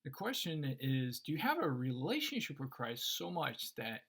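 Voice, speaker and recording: Animated man explaining faith. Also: medium pitch, moderate pace, vocal fry, breathy edge. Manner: animated storyteller, acts out voices in anecdotes. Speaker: Christian teacher. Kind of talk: casual faith discussion.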